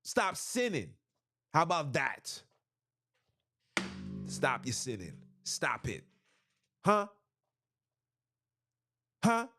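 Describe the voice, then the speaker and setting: A man preaches through scripture on his podcast. His pitch climbs and drops all the time. He repeats key lines emphatically and keeps throwing questions at his listeners. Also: very animated, takes it slowly, long pauses, music in the background. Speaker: podcast host. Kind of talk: preaching-style scripture commentary.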